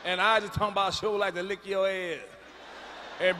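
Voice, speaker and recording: A middle-aged man doing a profane, blunt stand-up routine, booming out his punchlines live in a large venue. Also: flat delivery, normal speed, pushed and bright, a little hiss or hum. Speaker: stand-up comedian. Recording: live stage mic in a reverberant arena.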